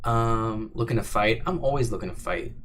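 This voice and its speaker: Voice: medium pitch, moderate pace, a bit bright, a little hiss or hum. A young adult livestream host in casual Q&A chat, reading questions and answering in a playful, jokey, teasing way with frequent laughs.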